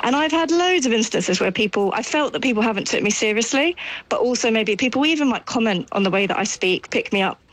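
A woman from Essex with a softened Essex accent, an accent researcher talking earnestly as a radio guest. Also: on the high side, animated, quick pace, low-quality recording. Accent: softened Essex English. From Essex, England. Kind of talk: radio discussion.

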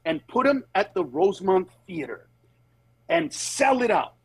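A man with a high, husky voice tells stories in a loose, animated way, his pitch leaping as he acts out other people. He is recorded up close on a dry mic, with no room sound. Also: a little slow, dry recording, poor audio. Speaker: comedian guest. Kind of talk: candid podcast conversation.

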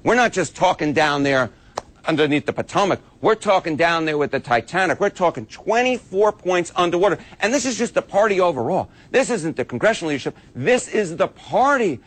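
A man's voice: on the high side, big pitch swings, brisk, fairly bright tone. A man giving emphatic political analysis on TV, hammering words by repeating them. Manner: emphatic, repetitive. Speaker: political commentator.

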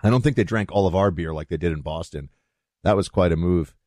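A man holds forth as a talk show host, his voice sitting on the low side. The sound is dry and close, with no room in it. He rambles casually, circling back with fillers and restarts. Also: fast talker, dark tone, no room sound.

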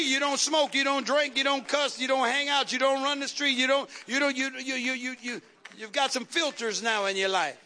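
A man's voice: extremely high pitch, pushed and bright. A man preaching a sermon as pastor, with rhythmic repetition and call-and-response questions to the congregation.

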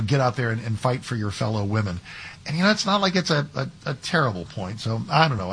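Male talk radio host, husky voice, chatty, sarcastic. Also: medium pitch, fairly bright tone. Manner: conversational, sarcastic asides, frequent restarts.

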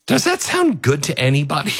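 A man's voice: on the high side, normal speed, breathy edge, no echo. Sarcastic guy doing news commentary, voice jumps all over, dry close sound. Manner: animated, sarcastic, laughs often. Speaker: commentary show host.

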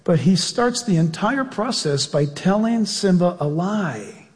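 A male pastor preaching a sermon and praying in an earnest, drawn-out way. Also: sits high, lively intonation, long reverb tail.

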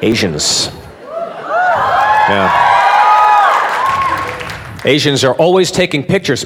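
A man's voice: fairly high pitch, huge pitch swings, takes it slowly, long pauses. A man doing provocative stand-up, swearing and asking the crowd questions. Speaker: stand-up comedian. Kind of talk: stand-up comedy. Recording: live club with audience and noise.

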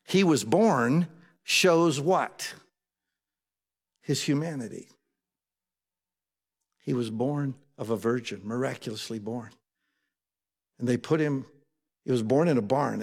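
A man's voice: medium pitch, unhurried, pauses often. A male preacher, giving a sermon and retelling scripture in plain, conversational words. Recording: long hall reverb.

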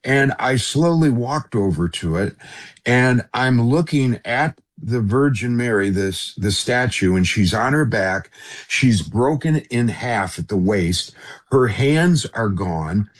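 A middle-aged man speaks as an interview guest, telling a personal story in an earnest, halting way. His voice sits at a middle pitch, and he often turns to address the host by name. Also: animated.

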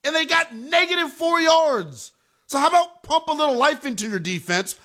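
A man's voice: very high-pitched, lively intonation, normal speed, pushed and bright. A man hosting a sports talk show, emphatic and fired up as he argues his points. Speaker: sports radio host.

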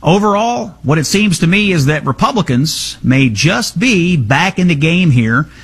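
A man's voice: a little high, expressive, unhurried, breathy edge. A man hosting a political talk radio show, giving commentary and reading an ad in a confident, conversational way.

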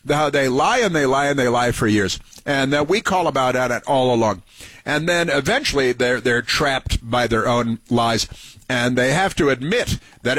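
A radio talk show host with a medium-pitched, fairly bright voice delivers sarcastic political commentary over played clips, mocking and repeating phrases for emphasis. The recording has no echo.

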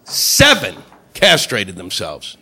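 A man doing a stand-up comedy routine, incredulous and building to loud impressions. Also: fairly low pitch, huge pitch swings, takes it slowly, slightly rough.

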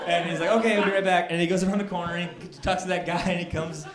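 A stand-up comedian, a man with a somewhat high voice, working himself up into indignant shouting. He is recorded in an echoey club room. Loud crowd laughter rolls in behind him. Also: fast, few pauses. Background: audience laughing.

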